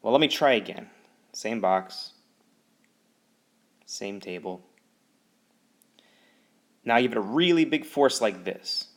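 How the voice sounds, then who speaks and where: A man teaching physics in a whiteboard lecture, explaining with lively emphasis and sudden jumps in pitch. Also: slow pace, long pauses. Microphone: voice-over recording.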